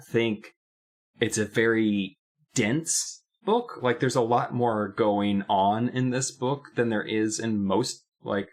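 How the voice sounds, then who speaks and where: A man co-hosting a podcast, reviewing a book in casual chat, rambling and emphatic, getting animated when he complains. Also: fairly low pitch. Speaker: podcast co-host.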